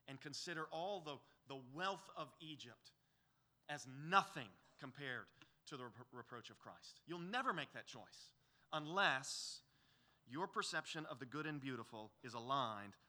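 A male pastor delivering a sermon in a raised, very bright and sharp voice. He speaks earnestly and pleads with his listeners, building to emphatic peaks. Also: a little high. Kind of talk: expository sermon.

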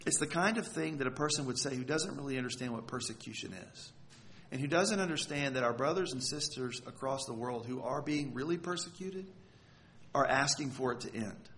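A man's voice: medium pitch, expressive, a little fast, fairly bright tone, a little hiss or hum. A man preaching a sermon, earnest and emphatic, leaning hard on key words. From United States.

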